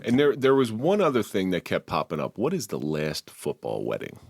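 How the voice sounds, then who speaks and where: Lively low-voiced man hosting a podcast. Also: moderate pace, creaky, no room sound, clean studio sound. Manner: asks curious, probing questions. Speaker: podcast host. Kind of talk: interviewing in casual chat.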